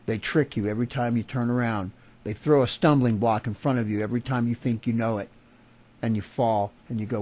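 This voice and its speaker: A man's voice: mid-range voice, normal speed, a little mellow. A man delivering an angry, profane political rant to camera, agitated and furious. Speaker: vlogger.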